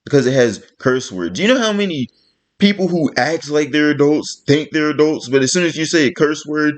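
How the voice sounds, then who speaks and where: Fed-up man ranting, high-ish voice. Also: animated, normal speed. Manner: blunt, profane and exasperated. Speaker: vlogger. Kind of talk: ranting vlog monologue.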